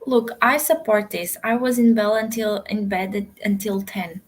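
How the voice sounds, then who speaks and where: A woman's voice: medium pitch, moderate pace, low-quality recording. A woman co-hosting a reading stream, chatting in an easygoing, giggly way. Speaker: co-host. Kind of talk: casual chat.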